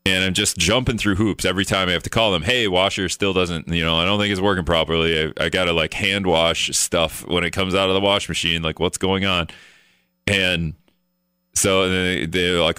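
A low-pitched man hosts a talk radio show from a dry studio. His tone is bright and crisp. He rants casually and acts out both sides of his phone calls. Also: fairly quick, dry recording. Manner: animated storyteller, mimics phone calls in a raised voice.

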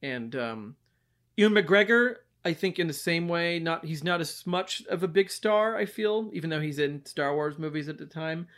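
Podcast co-host: a higher-pitched man, lively and quick to laugh, chatting about movies. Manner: animated, laughs often, mocks accents. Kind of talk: casual movie review chat.

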